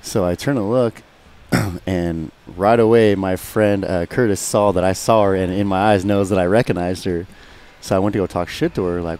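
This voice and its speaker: A man's voice: low voice, steady tone, moderate pace, a little mellow, a little hiss or hum. A man telling a rambling, profane story in casual radio chat, acting out what people said. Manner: profane, rambling, acts out quotes. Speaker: guest fighter.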